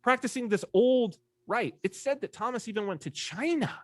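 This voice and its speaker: Animated man telling stories, lively pitch. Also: normal speed, dry recording. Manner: animated storyteller, acts out quoted voices. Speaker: podcast guest. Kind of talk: casual conversation.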